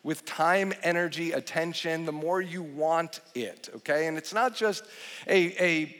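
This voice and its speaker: A man in his forties preaching a sermon as a pastor, animated and joking, with frequent restarts. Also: fairly high pitch, a little slow. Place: large church hall. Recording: long hall reverb.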